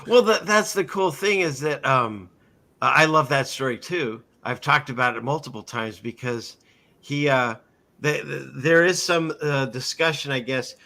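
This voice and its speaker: A man's voice: medium pitch, unhurried, vocal fry, sharp tone. A man hosting a casual interview, telling long rambling stories and acting out the people he quotes. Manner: rambling storyteller, acts out quotes in voices. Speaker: podcast host.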